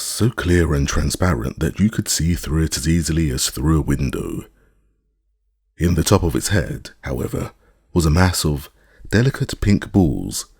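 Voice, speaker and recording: A man reads an audiobook in a steady, measured voice. His pitch is extremely low and gravelly. The sound is dry and close. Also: no echo. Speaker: audiobook narrator. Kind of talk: scripted narration.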